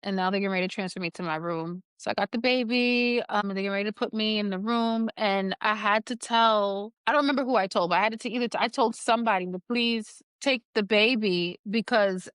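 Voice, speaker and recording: A woman guest on a podcast, candidly telling a personal story in an animated way and laughing now and then. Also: medium pitch, a little fast, few pauses, clean tone, dry recording, studio quality.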